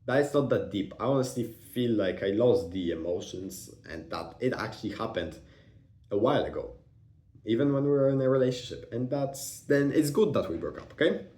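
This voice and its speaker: A man's voice: mid-range voice, lively intonation, moderate pace, warm tone. A young man telling a personal story in a rambling, casual way, swearing often and restarting his sentences. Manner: rambling, profane, with many fillers and restarts. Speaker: vlogger. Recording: roomy echo.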